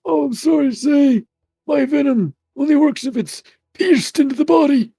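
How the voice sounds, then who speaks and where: A man voicing an odd, apologetic male venomous creature in a very high put-on voice. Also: moderate pace, warm tone, no room sound.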